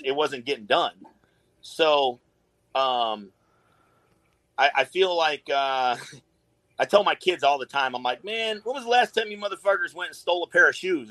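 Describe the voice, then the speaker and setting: A man's voice: on the high side, fairly bright tone, dry recording, poor audio. A middle-aged man talking casually as a podcast guest, swearing constantly and rambling through his stories in a laid-back way. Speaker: guest, tattoo artist.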